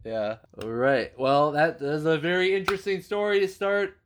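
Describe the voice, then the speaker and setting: A man's voice: on the high side, steady tone, moderate pace, slight background noise. A man hosting a podcast, teasing and moving the segment along. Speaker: podcast host.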